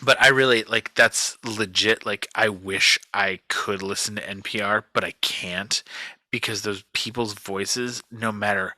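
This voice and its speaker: A man's voice: on the low side, steady tone, a little slow, sharp tone, no room sound. A man hosting a pop culture podcast, chatting casually in a jokey, rambling way. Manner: jokey, rambling, swears freely. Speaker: podcast host. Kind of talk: casual chat.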